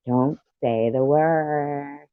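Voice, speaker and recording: A woman's voice: low voice, fairly even intonation, very slow, dry recording. A woman chatting casually on her live stream, teasing, laughing often and swearing freely. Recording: dull, dry lo-fi stream audio.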